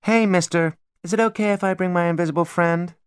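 A man's voice: high-pitched, steady tone, brisk, clean tone, no echo, clean studio sound, pitched above the performer's own voice, natural voice. A man voicing a young woman putting on a sugary, childlike little-girl voice in an audiobook. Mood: cutesy.

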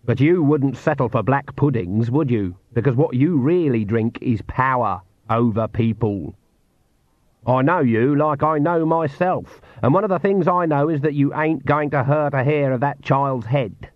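A man reading an audiobook, voicing a shrewd, unflappable old witch who talks in a dry, measured, quietly menacing way. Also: mid-range voice, dry recording, voice pushed up, close to an everyday voice. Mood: calm threat. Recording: dull, muffled audio.

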